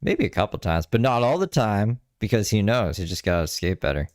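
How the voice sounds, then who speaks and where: A man with a very low voice that swoops up and down as he mocks and teases in casual commentary. His sound is dry and close, with no room echo. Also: animated, a little fast, a little mellow. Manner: sarcastic, teasing. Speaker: host reacting to a clip.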